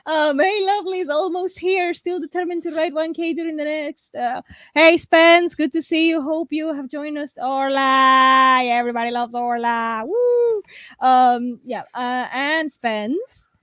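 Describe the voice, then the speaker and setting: A woman's voice: sits high, steady tone, measured pace, fairly bright tone, no echo. A woman with a Scottish accent hosting a casual live stream, greeting viewers, laughing often and exclaiming. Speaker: livestream host.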